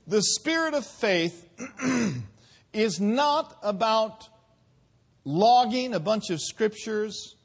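A man preaching a sermon in a church, with call-and-response and drawn-out emphasis. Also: high voice.

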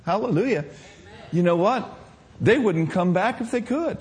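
High-voiced man preaching a sermon. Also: lively intonation, moderate pace, darkish tone. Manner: call-and-response preaching, repeats phrases.

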